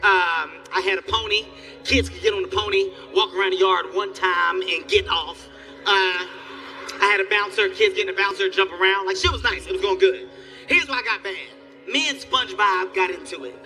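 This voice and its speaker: A man doing stand-up comedy on a live stage, telling stories in an animated, profane way. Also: sits high, moderate pace, faint music behind. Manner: animated, loud storytelling with profanity.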